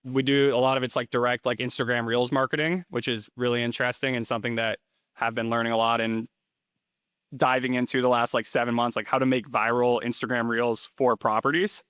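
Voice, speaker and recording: Guest in his 30s; casual, rambling talker; smooth tone, dry close recording. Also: medium pitch, level tone, brisk, a bit bright, no echo. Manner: rambling, filler-heavy, restarts often. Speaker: interview guest, rental investor. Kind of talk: casual interview chat.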